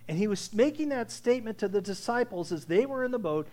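High-voiced man preaching a sermon. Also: expressive. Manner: swings from hushed, slow lines to loud preaching, asks the congregation questions. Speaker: pastor.

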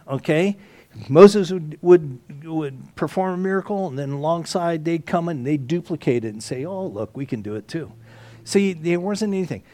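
A man teaching a Bible study, swinging between loud emphasis and hushed asides, with frequent restarts and throat clearing. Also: high voice, no room sound.

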